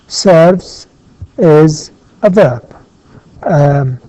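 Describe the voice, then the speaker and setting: A man teaching an English grammar lesson, slow and methodical, pausing often with "uh" and glossing words in Arabic. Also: on the high side, warm tone, dry recording. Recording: dull lo-fi sound.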